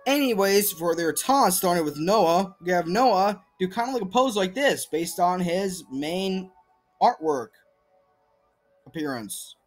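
Rambling, lively young man over soft music. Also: sits high, unhurried. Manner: rambling, self-deprecating, many fillers and restarts. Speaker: video creator presenting fan movesets. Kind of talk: casual voice-over commentary. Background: faint background music.

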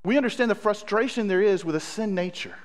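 A man's voice: high voice, fast. A man, a pastor, preaching a sermon, reading scripture aloud with asides and praying earnestly.

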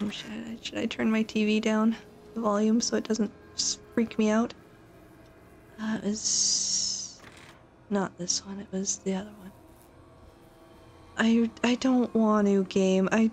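Live-streaming a horror game, a woman with a medium-pitched, darkish voice sounds frightened, pleading and repeating herself amid bursts of nervous laughter as she comments on her gameplay.

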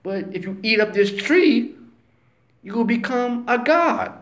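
A cunning male devil, all soft persuasion and slick reassurance, as a man puts him on. His pitch rises and dips freely while he works on his listener. The voice rings in an echoey room. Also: animated, unhurried, heavily acted. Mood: soothing. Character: sly male devil, coaxing and deceiving. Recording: roomy echo.

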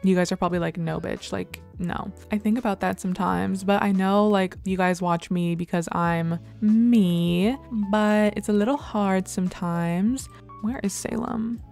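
A woman's voice: medium pitch, steady tone, normal speed, a little mellow, soft background music. A young woman casually commenting on her life-sim game as she plays, rambling and full of filler words, now and then squealing over cute moments. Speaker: let's play creator.

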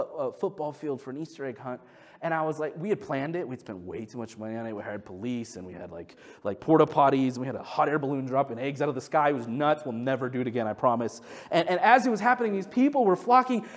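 A man in his thirties, a pastor preaching a sermon, telling stories with lively acted-out quotes and dropping to a soft, low voice for scripture readings. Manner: animated storytelling, acts out quotes with big pitch jumps.

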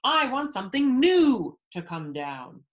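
A woman's voice: high-pitched, very animated, measured pace, pitched above the performer's own voice. A woman reading aloud and voicing a grumpy, demanding old male king in a storybook. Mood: bellowing. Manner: loud, bellowing storybook voice.

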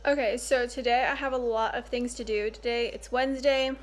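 This young woman's voice is a little high and steady, and she speaks briskly. Recording an upbeat, chatty vlog indoors at home, she breaks off to scold the dog, and there's a little hiss or hum.

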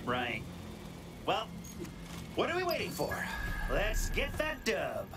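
A brash young punk hacker in a video game. He trash-talks with swagger and defiance. His delivery bounces up and down in pitch, with loud game music underneath. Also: wildly swooping pitch, slow pace, heavily acted. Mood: cocky. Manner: cocky, defiant, trash-talking.

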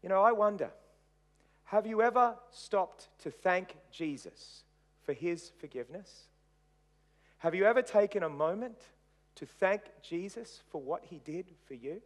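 A man preaching a sermon as pastor. He retells dramatically, swinging between loud emphasis and hushed softness. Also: high-pitched, animated, measured pace.

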